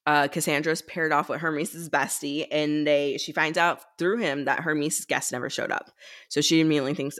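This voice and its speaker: A woman's voice: low-pitched, fairly even intonation, normal speed, a bit bright. A woman co-hosting a podcast, leading a casual book-club chat and recapping the plot with quoted lines from the characters.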